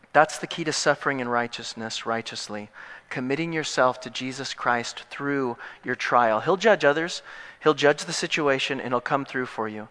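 A man preaching a sermon as pastor, animated and joking, swinging between loud, emphatic points and hushed, intimate asides. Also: on the high side, normal speed, in a large hall.

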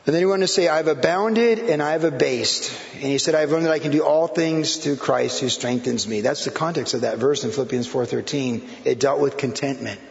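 Casting note: middle-aged male pastor, a little high, gravelly voice, chatty sermon in a dull, echoey hall. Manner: conversational preaching with many fillers and repetitions. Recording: roomy hall echo, dull sound.

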